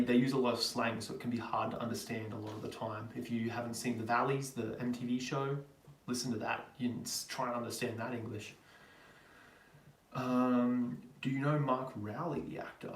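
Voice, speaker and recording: A man's voice: mid-range voice, reverberant, recorded from a distance. An Australian man hosting a casual live Q&A stream, reading viewer questions aloud and rambling through his answers with lots of ums. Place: home in Germany.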